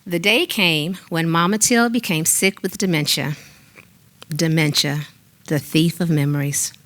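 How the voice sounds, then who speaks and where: Older woman reading her memoir aloud, bright voice. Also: sits low, steady tone, unhurried. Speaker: writer reading her own story. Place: small studio theater stage.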